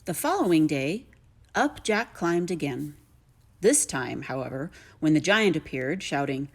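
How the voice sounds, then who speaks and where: A woman reading a children's story aloud with a lively, lilting delivery. Her voice sits fairly low for a woman, yet it rises and falls widely through every sentence. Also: measured pace. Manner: animated, lilting. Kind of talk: expressive read-aloud storybook narration.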